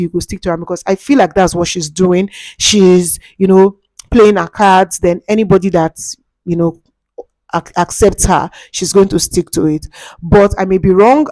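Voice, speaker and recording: A young Nigerian woman with a Nigerian accent gossips in a lively, dramatic way. Her voice sits at an ordinary middle pitch. The recording is close and dry, with no room sound. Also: dry recording. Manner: animated, dramatic gossip with Pidgin asides. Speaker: reality show commentator. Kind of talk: casual chat.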